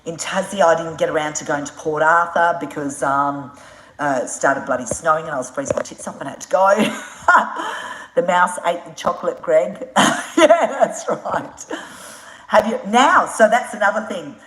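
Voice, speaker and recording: Frank, chatty Australian woman on a live stream, very deep voice, roomy echo. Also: normal speed, a bit bright. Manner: frank and chatty, swears freely, laughs often. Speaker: adventure motorcycle traveller answering viewer questions. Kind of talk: casual live-stream chat.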